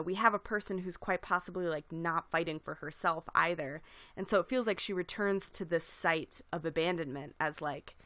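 Low-voiced woman podcast co-host. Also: bright, forceful tone, no echo. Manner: reflective, hedging with fillers. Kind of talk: casual chat.

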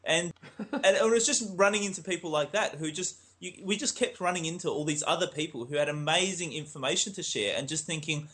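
A man's voice: a little high, brisk, a bit bright. A middle-aged Australian man chatting casually on a podcast, rambling with frequent restarts. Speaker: podcast network founder and co-host.

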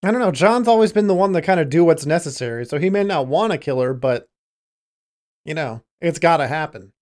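Man, fairly high voice, casual chat, jokey, profane. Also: lively intonation, a little fast, darkish tone.

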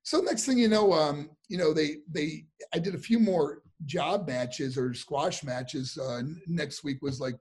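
A man being interviewed, telling animated stories about his past career, with many fillers and acted-out voices. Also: fairly high pitch, unhurried, hardly any pauses, slightly rough. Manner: animated, acts out voices in anecdotes, frequent fillers. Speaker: interview guest, former wrestler. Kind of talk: casual storytelling.

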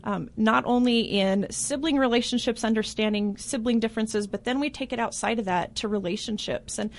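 A woman with a slightly high voice, speaking as a guest on a talk show. She explains her points earnestly and in detail, and often affirms the host. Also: brisk. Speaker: guest, parenting blogger.

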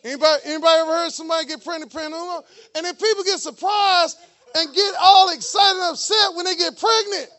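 A man preaching a lively sermon in church, with joking, mocking asides to the congregation. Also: very high voice, quick pace. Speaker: pastor.

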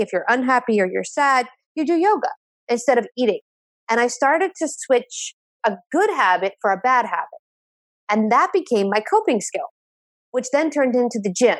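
Woman guest, addiction therapist, higher voice, dry close sound, animated storyteller. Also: dry recording. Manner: animated storytelling, repeats phrases for emphasis. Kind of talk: conversational interview.

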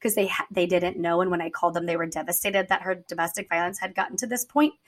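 A woman's voice: lowish voice, steady tone, quick pace. A woman speaking candidly in a podcast conversation, telling personal stories in an earnest way. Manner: earnest, storytelling, acts out quotes.

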